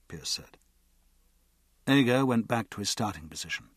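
A man narrates a novel chapter in a measured, expressive way, his pitch rising and falling with the story. His voice has a light husky edge, recorded close and dry. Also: no room sound. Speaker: audiobook narrator. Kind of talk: scripted narration.

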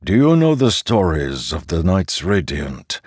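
A man voicing a calm farmer who oversees soldiers in an audiobook; the voice is kindly and soft, and he speaks slowly and reassuringly. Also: deep voice, breathy edge, no echo, clean studio sound, heavily acted. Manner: slow, measured and reassuring. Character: calm middle-aged male farmer overseer, kindly but firm.

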